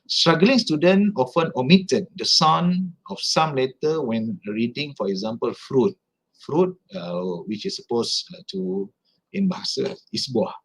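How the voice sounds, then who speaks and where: Malaysian male academic, husky tone, halting careful explainer, conference talk. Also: medium pitch, animated, poor audio. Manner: careful, explains with spelled-out examples; halting, restarts phrases. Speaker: academic speaker. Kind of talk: online conference lecture.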